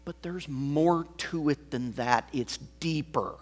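A pastor preaching a sermon, swinging from loud emphasis to hushed, almost whispered words. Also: male voice, a little high, slow pace.

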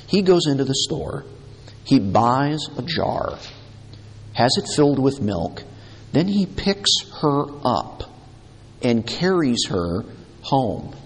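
Male pastor, mid-pitched, unhurried, emphatic delivery, echoing hall. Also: vocal fry, fairly bright tone, breathy edge. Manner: deliberate, emphatic, repeating key words. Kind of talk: sermon. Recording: long hall reverb.

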